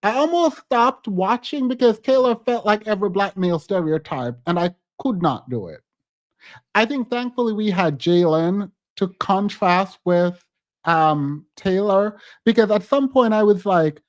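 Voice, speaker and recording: A man's voice: high-pitched, expressive, measured pace, no echo. A man hosting a podcast, giving casual, emphatic reality-TV commentary and laughing often. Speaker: podcast host.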